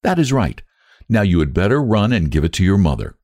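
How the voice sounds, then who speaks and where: A man's voice: sits low, sing-song, fairly quick, a little mellow, no echo, clean studio sound, exaggerated voice. A man reading aloud and voicing a kindly, sentimental older woman in a raised, lilting voice.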